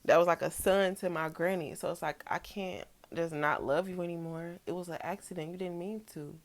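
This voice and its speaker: A young woman, talking in a casual, reflective vlog, soft-spoken and relaxed. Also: fairly low pitch, brisk. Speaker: vlogger. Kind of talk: personal reflective vlog talk.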